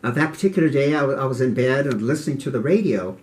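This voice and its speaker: An older man telling childhood memories in an interview, earnest and halting, often repeating words. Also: mid-range voice, expressive. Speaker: interviewee, martial arts teacher. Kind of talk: reflective interview storytelling.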